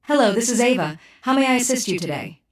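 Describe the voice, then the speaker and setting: A woman's voice: fairly high pitch, animated, fast. A female AI voice assistant giving polite, helpful replies.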